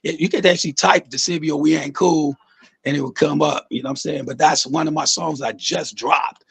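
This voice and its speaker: A man's voice: fairly high pitch, a little fast, creaky, husky. A man, a music artist, talking loosely and at length about his songwriting in a casual interview, swearing often.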